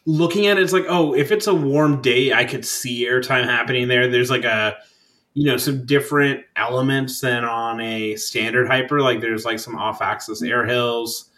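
A man's voice: medium pitch, moderate pace, pushed and bright, rough recording. A young man co-hosting a podcast, telling a trip story in a rambling, profane, laid-back way with lots of fillers. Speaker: podcast co-host. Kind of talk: casual chat.

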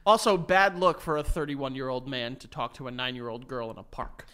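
A man's voice: medium pitch, steady tone, a little fast, fairly bright tone, clean tone. A man, co-hosting a casual podcast, teasing his friend with playful, absurd questions. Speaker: podcast co-host. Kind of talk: casual chat.

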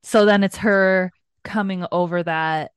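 Young female podcast co-host: lower, relaxed voice, easy laughter, dry close recording. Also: measured pace, clean tone, no room sound. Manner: laid-back, laughs easily. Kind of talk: casual chat.

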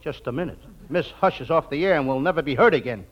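A man's voice: a little high, lively intonation, fast. A man delivering wisecracking insults as the comic in a 1940s radio comedy routine. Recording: muffled 1940s radio broadcast.

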